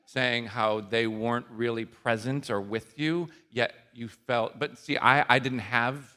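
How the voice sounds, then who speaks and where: A man's voice: medium pitch, fairly even intonation, unhurried, bright, forceful tone, smooth. A man hosting a casual interview, telling stories animatedly, laughing often and swearing. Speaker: podcast host.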